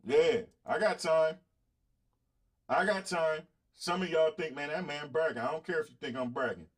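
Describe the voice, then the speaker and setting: A middle-aged man with a Southern drawl talks straight to his viewers, boastful and confrontational, swearing freely. His voice sits a little high for a man. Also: moderate pace, slightly rough. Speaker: podcast host. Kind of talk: blunt casual monologue to viewers.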